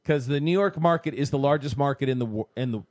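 A man co-hosting a casual sports talk show, telling stories in an animated way and acting out what people said. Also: medium pitch, quick pace, no echo, clean studio sound. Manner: animated storytelling, acting out quotes.

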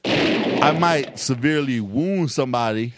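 A man's voice: medium pitch, measured pace, a bit bright, a little hiss or hum. A man co-hosting a casual sports talk show, emphatic and riled up, repeating his points. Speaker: co-host.

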